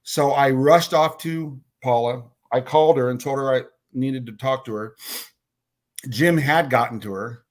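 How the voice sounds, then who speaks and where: Here a man with a mid-range voice goes a little slowly while recounting something personal as a podcast guest. His telling is blunt with some swearing, he stumbles and repeats words, and he voices other people's remarks as quoted speech.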